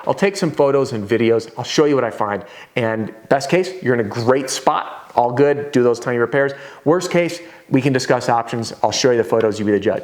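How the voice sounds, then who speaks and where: An energetic roofing sales trainer leads a casual lesson at a whiteboard, talking in a chatty, conversational way with quick asides. His voice is middle-pitched, and now and then he acts out a scene in a homeowner's voice.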